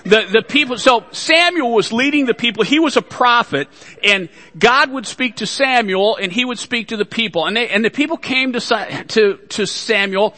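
A man's voice: high-pitched, moderate pace, pushed and bright, big-room sound. A man preaching a sermon to his congregation, folksy, with joking asides. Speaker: pastor.

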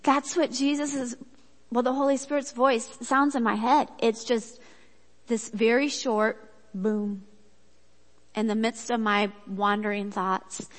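A woman giving a sermon with a personal story, in a chatty, animated way that acts out quotes. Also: a little high, takes it slowly. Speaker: speaker at a church gathering. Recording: echoey hall.

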